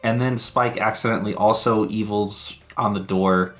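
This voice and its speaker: A man's voice: lowish voice, steady tone, normal speed, faint music behind. A man co-hosting a podcast, chatting casually and rambling through episode recaps, swearing freely and laughing often. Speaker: podcast co-host.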